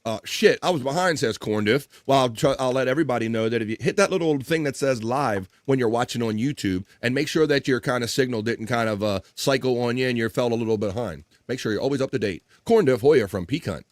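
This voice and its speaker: A man's voice: quick pace, hardly any pauses, no echo, clean studio sound. A man hosting a casual live stream, reading out viewer comments with loose jokes and frequent laughter. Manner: loose, joking, laughs often, trails off low.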